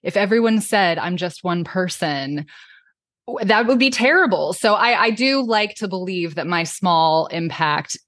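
A woman's voice: lowish voice, animated, a little slow, a bit bright, no echo, clean studio sound. A woman hosting a podcast interview, encouraging and affirming her guest as she asks questions. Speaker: podcast host.

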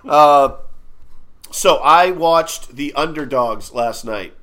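A man's voice: on the high side, lively intonation, normal speed. A man hosting a casual podcast, rambling and swearing with lots of fillers and restarts. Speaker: podcast host. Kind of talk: casual chat.

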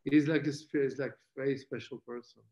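A man with a French accent chatting casually on a video call, halting and searching for his words. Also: mid-range voice, steady tone, darkish tone, highs cut off, slight background noise. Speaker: guest. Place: quiet artist's studio.

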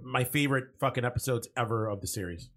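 A man's voice: medium pitch, quick pace, fairly bright tone. A young man co-hosting a podcast, chatting enthusiastically, stumbling over words and swearing. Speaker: podcast co-host. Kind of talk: casual chat.

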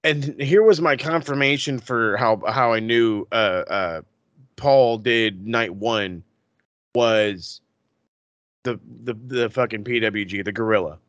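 A man's voice: medium pitch, takes it slowly, dry recording, lo-fi sound. A man co-hosting a podcast, chatting casually with lots of swearing and restarts. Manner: profane, animated, lots of restarts. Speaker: podcast co-host. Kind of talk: casual chat.

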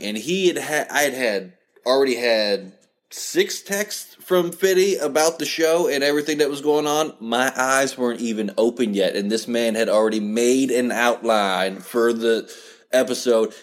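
Dude hosting his podcast, laid-back, stammers a bit, mid-pitched voice, laughs thru his stories. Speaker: podcast host. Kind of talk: casual podcast chat.

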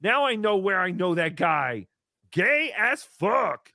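A man plays a high, bright-toned, self-pitying showman, full of melodrama and swinging pitch. He refers to himself in the third person as if hosting his own sad little show. The sound is dry and close. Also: very animated, slow pace, no echo, heavily acted. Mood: excitable. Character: silly, self-pitying, nasal-voiced male showman. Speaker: livestream show host. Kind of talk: comedic live-stream character bit.

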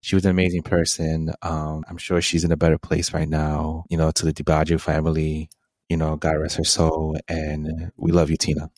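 A man's voice: very deep voice, completely flat delivery, normal speed, darkish tone, no echo. A man in his thirties co-hosting a podcast, telling a personal story in a rambling way full of fillers and laughs. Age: 30s. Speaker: podcast co-host.

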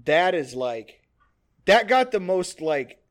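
A man's voice: high voice, sing-song, slow pace. A man in his twenties co-hosting a podcast, chatting casually in a rambling, profane way with lots of "like". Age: 20s. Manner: rambling, profane, many fillers. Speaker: podcast co-host.

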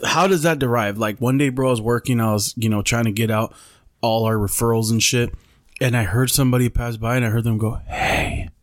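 Podcast co-host, man, mid pitch, easygoing storyteller full of bro and dude, dry close sound. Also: fairly even intonation, quick pace, dry recording. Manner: laid-back, swears freely, says bro and dude. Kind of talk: casual storytelling chat.

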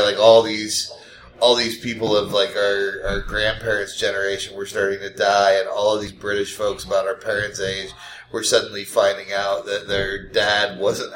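A man's voice: lowish voice, a bit bright. Laughing man telling stories in an echoey room. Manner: storytelling, laughs often, puts on silly voices. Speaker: podcast host. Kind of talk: casual chat. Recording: roomy echo.

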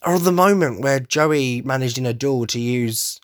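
A man's voice: medium pitch, dry recording, studio quality. A young man, gushing enthusiastically in a casual solo podcast monologue. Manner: enthusiastic fan gushing, quick asides. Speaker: podcast host.

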